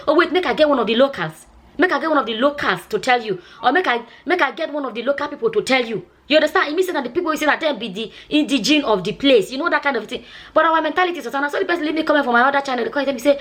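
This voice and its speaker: A Nigerian woman talks straight to her viewers in a loose, chatty vlog style with a strong Nigerian accent. She speaks quickly, circles back over her points and checks in with "you understand?" Her voice sits a little high for a woman. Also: animated, fairly bright tone. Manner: chatty, repeats herself, asks "you understand?". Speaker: nurse and vlogger. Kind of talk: casual storytelling vlog in Nigerian Pidgin.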